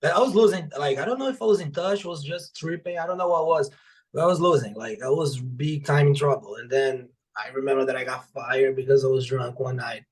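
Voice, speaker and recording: A man's voice: mid-range voice, fairly quick. A young adult man, a podcast guest and author, telling casual stories with plenty of swearing and acted-out dialogue. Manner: animated, profane, acts out quoted dialogue. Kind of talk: casual storytelling in conversation.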